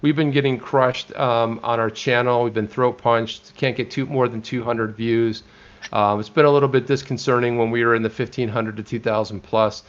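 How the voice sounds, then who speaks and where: An American man co-hosting a casual live stream, rambling and animated with frequent restarts. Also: medium pitch, moderate pace, dull audio. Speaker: co-host.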